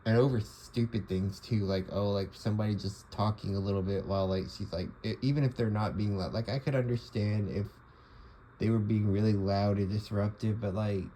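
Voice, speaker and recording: A man's voice: lowish voice, steady tone, a little fast, mellow, slight background noise, low-quality recording. A young man talking casually to the camera, rambling with lots of fillers and restarts. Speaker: vlogger. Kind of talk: casual monologue.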